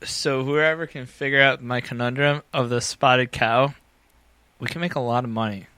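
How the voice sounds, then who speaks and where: A man with a bright, smooth, resonant voice tells rambling, profane stories on a casual podcast, laughing as he goes. He sits close to the mic in a dry, dead room. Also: medium pitch, fairly even intonation, normal speed, no room sound. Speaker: podcast co-host. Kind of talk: casual bar-talk podcast chat.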